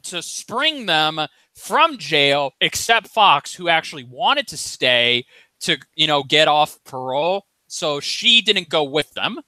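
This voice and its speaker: A man co-hosting a podcast in casual chat, animated and jokey, often trailing off mid-thought. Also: on the high side, slow pace, no echo. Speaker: podcast co-host.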